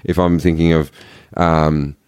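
A man's voice: very deep voice, unhurried, smooth. A man guesting on a podcast, chatting casually and telling stories in a rambling, emphatic way. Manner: rambling, animated storyteller, emphatic. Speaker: podcast guest, poet and yogi. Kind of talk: casual conversation.

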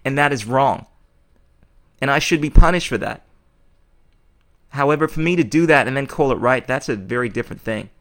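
A man's voice: medium pitch, normal speed, long pauses, a bit bright. A man hosting a podcast, delivering a blunt, opinionated monologue full of swearing. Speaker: podcast host.

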